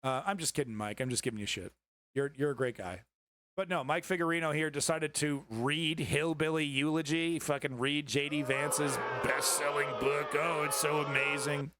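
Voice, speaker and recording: A man's voice: a little high, moderate pace, sharp tone, dry recording. A man hosting a live-stream news commentary, sarcastic and indignant, swearing freely.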